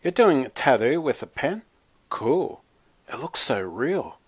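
A popular teen boy, casual and keen, talking fast when he gets excited, as a man puts him on. It stays close to an ordinary man's voice at middle pitch. The sound is dry and close. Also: breathy edge, no room sound. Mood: impressed. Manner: eager and excited.

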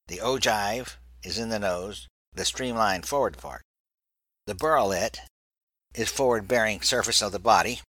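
A man's voice: lowish voice, pushed and bright, no room sound, pitched above the performer's own voice, rough recording. A man voicing a young male sailor, loyal and playful, who sometimes slips into mock-pirate talk. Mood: reciting.

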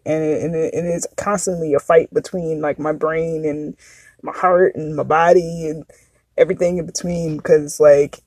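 A woman's voice: sits low, mellow, breathy edge, no echo. A woman in her thirties hosting a podcast, talking frankly and confessionally in a casual chat that drifts into tangents. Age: 30s. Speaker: podcast host.

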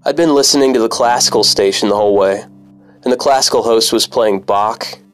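A man's voice: on the low side, brisk, faint music behind. A man, a former cab driver, narrating a personal story in a bitter, profane, wry manner.

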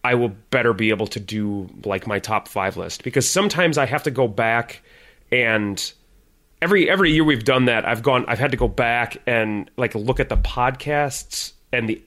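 Podcast guy chatting casually, lively voice jumping all over, laughs a lot. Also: mid-range voice. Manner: animated, laughs easily. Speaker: podcast co-host.

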